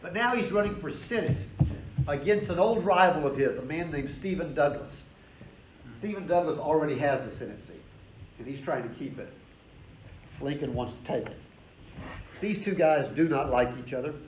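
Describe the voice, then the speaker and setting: A man's voice: fairly high pitch, normal speed, pauses often, a little hiss or hum. Male history professor, emphatic storytelling lecture, casual asides, roomy dull recording. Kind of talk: classroom lecture.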